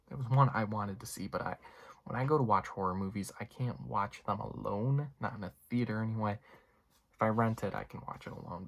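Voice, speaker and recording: A man's voice: lowish voice, creaky. A young man giving a casual, rambling movie review, full of fillers and asides. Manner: rambling, lots of fillers and you-knows.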